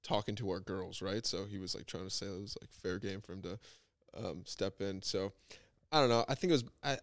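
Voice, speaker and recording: A young man chats on a podcast and tells his story in a loose, rambling way, with "like" in nearly every phrase. His voice sits a little low. It is recorded close and dry, with no room sound. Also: a little fast, dry recording. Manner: laid-back storytelling full of "like". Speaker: podcast guest. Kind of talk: casual chat.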